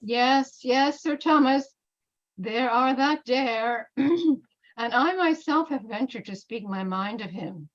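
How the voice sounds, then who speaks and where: A woman reading the part of a scheming male bishop in an amateur Shakespeare reading, with slow, deliberate verse delivery. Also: a little high, muffled recording. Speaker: reader in a play reading.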